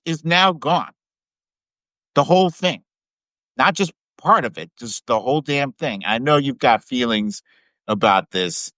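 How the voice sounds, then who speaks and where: A man's voice: medium pitch, lively intonation, a little slow, long pauses, pushed and bright, dry recording, rough recording. A man talking on a live video stream in casual political chat, upbeat and emphatic, laughing often.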